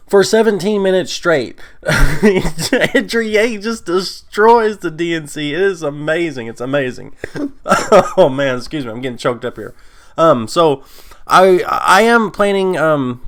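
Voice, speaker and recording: A man hosting his own channel, chatting casually and excitedly, rambling and laughing often. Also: medium pitch. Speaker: commentary channel host. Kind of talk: casual vlog chat.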